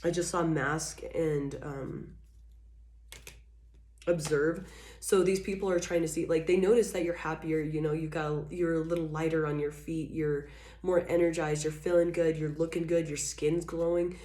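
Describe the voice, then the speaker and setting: A woman with a deep, low voice gives a rambling, frank tarot reading, packed with fillers and interrupted by frequent coughing. The sound is echoey, as if she is in a bare room. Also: fairly even intonation, normal speed, mellow. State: coughing repeatedly. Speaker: tarot reader. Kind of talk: casual channeled tarot reading.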